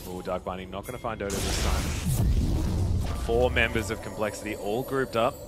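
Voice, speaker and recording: Excitable male esports color caster. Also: lowish voice, over loud music. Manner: excitable, quick reactions to plays. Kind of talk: color commentary.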